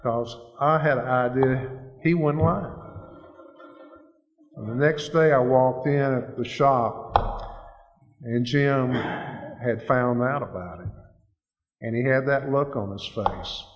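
A man's voice: mid-range voice, slow pace, pauses often. A man giving an earnest, plain-spoken personal testimony at a recovery meeting. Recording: echoey hall, dull lo-fi sound.

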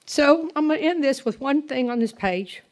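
A woman with a Southern US accent sharing her personal story at a recovery meeting, in a lively, rambling storytelling way. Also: high voice, normal speed. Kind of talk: personal testimony to a group.

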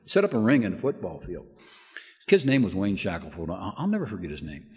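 A man's voice: sits low, wildly swooping pitch, fast talker, a little mellow. Older man telling folksy stories in a hall. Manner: folksy, laughing storyteller with many restarts. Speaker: AA speaker giving a lead. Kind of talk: storytelling talk at a recovery meeting. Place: meeting room with audience. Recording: hall with long reverb.

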